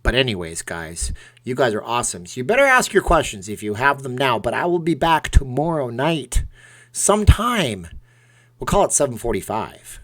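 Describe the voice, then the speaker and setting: A man's voice: mid-range voice, very animated, normal speed, a bit bright. A middle-aged man casually chatting on a live stream, reading out donor names and rambling through asides.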